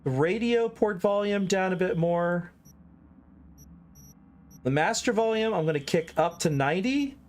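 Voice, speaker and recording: A man's voice: high-pitched, lively intonation, a little slow, long pauses. A man from the American South giving casual, chatty commentary on his own gameplay and talking straight to his viewers. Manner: chatty, talks straight to chat. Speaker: streamer.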